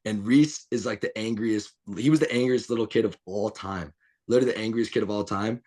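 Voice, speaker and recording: A man's voice: fairly low pitch, brisk, a little mellow. A young man telling rowdy, profane stories as a guest on a casual podcast, laughing as he goes. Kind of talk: casual storytelling chat.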